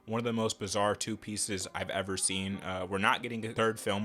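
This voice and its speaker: A man delivering a ranting movie review, animated and exasperated, talking casually with slang. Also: fairly low pitch, moderate pace, hardly any pauses, faint music behind.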